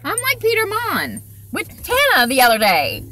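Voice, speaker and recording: A woman's voice: very high-pitched, wildly swooping pitch, normal speed, hardly any pauses, very noisy. A woman chatting casually in a vlog, rambling and swearing freely while sitting in her car at a drive-through. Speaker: vlogger.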